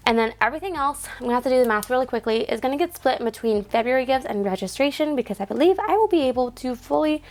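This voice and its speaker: A young woman with a slightly high voice talks casually to her phone camera at home. She rambles with plenty of "like" fillers and counts bills out loud. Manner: chatty, lots of "like" fillers, counts cash aloud. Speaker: vlogger.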